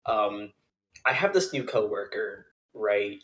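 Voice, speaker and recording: A young man in casual podcast chat, spinning a story from work with lively swings in his voice. He laughs through his lines and slips into quick impressions of the people in his story. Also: fairly low pitch. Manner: animated, laughing, acts out quoted people. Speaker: podcast co-host.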